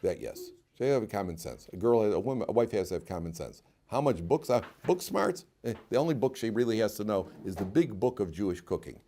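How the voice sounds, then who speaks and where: Animated rabbi giving a class. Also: male voice, on the low side, fast talker, hardly any pauses. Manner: animated storyteller, laughs often, repeats himself. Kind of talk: lively classroom lecture.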